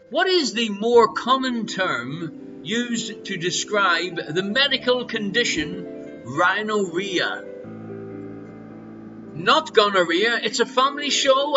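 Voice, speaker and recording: High, bright Irish quiz host. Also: male voice, dull audio. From Ireland. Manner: jokey, teasing banter with viewers in the chat. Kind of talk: live-streamed pub quiz hosting. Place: his home. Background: faint music.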